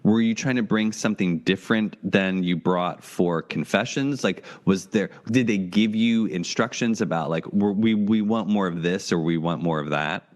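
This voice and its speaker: Low-voiced man hosting a podcast. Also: normal speed, hardly any pauses. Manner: conversational, asks long rambling questions. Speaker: podcast host. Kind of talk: interview questions, casual chat.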